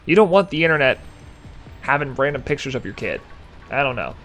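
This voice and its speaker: Animated young man streaming casually. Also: mid-range voice, fairly quick, soft background music. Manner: rambling, jokey, reads chat aloud. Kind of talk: casual live-stream chat.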